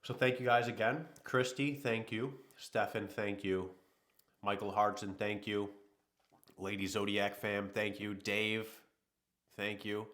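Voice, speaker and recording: A man's voice: lowish voice, steady tone, a little slow, a bit bright. A man hosting a livestream, chatting casually and rambling while a little sick. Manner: rambling, easygoing, talks to chat. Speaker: livestream host.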